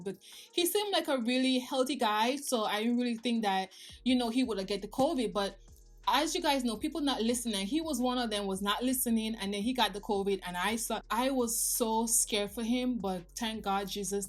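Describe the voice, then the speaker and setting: Woman in her thirties confiding to viewers. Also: mid-range voice. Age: 30s. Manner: emotional, confiding, talks to viewers directly. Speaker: vlogger. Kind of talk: personal life update vlog.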